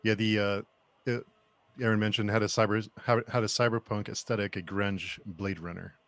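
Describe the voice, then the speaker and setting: A man talking hesitantly and softly in a casual film discussion. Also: on the low side, fairly even intonation, normal speed.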